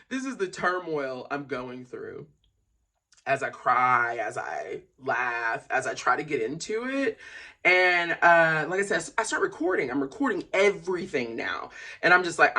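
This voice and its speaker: A vlogger rambling in a casual monologue, drifting between low mumbles and loud laughing outbursts. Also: very animated, unhurried.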